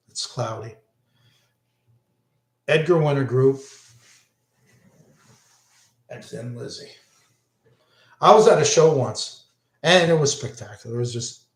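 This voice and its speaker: An older man talks slowly and loosely, wandering off on tangents and circling back. His voice sits at an ordinary middle pitch, and the room around him gives it a clear echo. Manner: rambling, self-interrupting, enthusiastic. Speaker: vlogger recalling concerts. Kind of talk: casual rambling monologue. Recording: echoey room.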